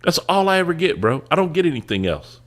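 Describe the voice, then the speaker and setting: A man's voice: fairly high pitch, fast. Podcast guy telling stories, swears a lot, voice jumps all over the place. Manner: animated storyteller, swears casually. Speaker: podcast host. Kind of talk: casual chat.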